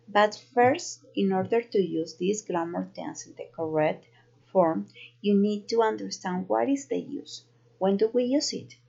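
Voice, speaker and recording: A woman with a Colombian Spanish accent, a native Spanish speaker, teaching an English grammar lesson slowly and carefully. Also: medium pitch, gravelly, darkish tone, slightly rough. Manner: slow, careful explaining. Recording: dull lo-fi recording.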